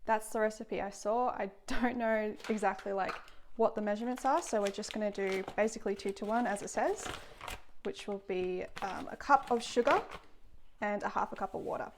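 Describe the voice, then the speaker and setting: A woman's voice: medium pitch, normal speed, a little hiss or hum. A woman chatting casually through a cooking vlog in her kitchen, self-deprecating and laughing often. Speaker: food vlogger. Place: home kitchen.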